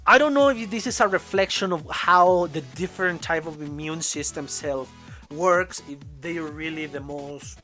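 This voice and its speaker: A woman with a somewhat low voice talks through an anime episode in a loose, chatty way. She speaks English as a second language and often stops mid-thought to restart, leaning on fillers as she goes. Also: moderate pace, a bit bright, soft background music. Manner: rambling, with many restarts and fillers. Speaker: anime reviewer. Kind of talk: casual spoken episode review.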